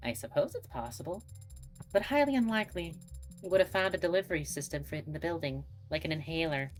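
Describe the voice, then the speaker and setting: A woman's voice: sits low, expressive, fast, faint music behind. A woman voicing a polite, earnest female android investigator with a slightly formal way of speaking, reading game dialogue. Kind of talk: game dialogue read aloud.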